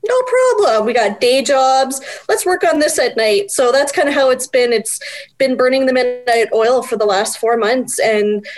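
A woman in her forties, a guest chatting casually, animated and self-deprecating with bursts of laughter. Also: a little high, moderate pace. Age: 40s. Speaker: guest, book project editor. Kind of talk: casual interview chat.

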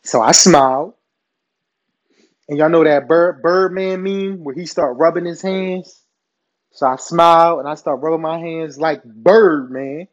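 A man telling a crude personal story in a casual, animated way, laughing often and swearing freely. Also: a little high, a little slow.

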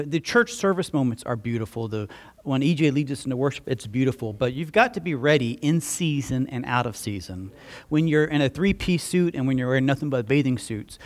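A pastor giving a conversational sermon, telling a personal story with animated delivery. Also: male voice, mid-range voice, fairly quick. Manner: animated, acts out dialogue in the story.

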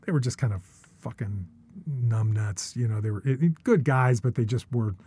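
A man's voice: mid-range voice, normal speed, warm tone, husky. A middle-aged man telling stories as a podcast guest. He rambles and restarts a lot, tags his sentences with questions, and swears often. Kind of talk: casual storytelling.

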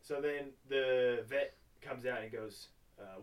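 A man's voice: medium pitch, slow. A young man co-hosting a casual film review podcast, rambling and laughing often, swearing casually. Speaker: podcast co-host.

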